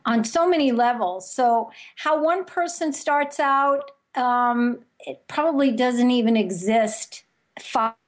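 A woman, a media expert, telling stories in an interview with lively energy. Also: fairly high pitch. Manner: animated storyteller, energetic. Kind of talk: interview conversation.

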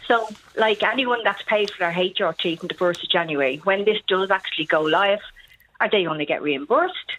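A woman's voice: medium pitch, a bit bright, slight background noise, low-quality recording. Irish woman caller, mid-range voice, exasperated, emphatic. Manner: exasperated, emphatic, quick to vent. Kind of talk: casual phone-in chat.

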